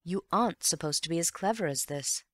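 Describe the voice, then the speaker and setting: A woman reading an audiobook and voicing a calm, wry gentleman amateur detective who reasons in an unhurried, teasing way. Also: on the low side, no echo, studio quality, close to an everyday voice. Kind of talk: audiobook character voice.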